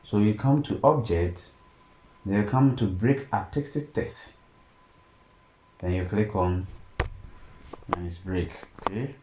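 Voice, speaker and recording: Low-voiced guy walking thru a design tutorial, slow, keeps saying okay, echoey room w/ a bit of hiss. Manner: steady step-by-step explaining, frequent "okay?" check-ins. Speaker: software tutorial instructor. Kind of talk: screen-recorded tutorial narration. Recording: echoey room, faint background noise.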